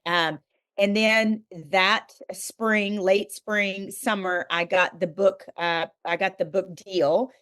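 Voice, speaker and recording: A woman's voice: medium pitch, fairly even intonation, slow pace, fairly bright tone. A middle-aged woman, a guest author on a podcast, telling a candid personal faith story with earnest emphasis.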